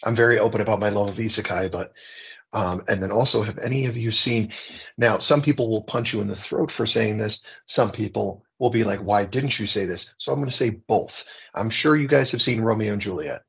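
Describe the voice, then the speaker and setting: A man's voice: lowish voice, brisk, creaky, a bit bright, slightly rough. A man in a casual group chat, rambling through his picks. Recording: dull lo-fi sound.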